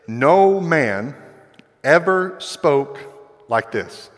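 A male pastor delivers a sermon in a relaxed, conversational way, slipping into quick acted-out voices for the people he quotes. His voice sits in a mid range and carries a long reverb from the hall around him. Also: medium pitch.

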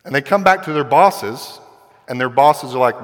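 A man's voice: medium pitch, lively intonation, normal speed. A male pastor preaching a sermon in a conversational way, acting out quoted voices as he goes. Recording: long hall reverb.

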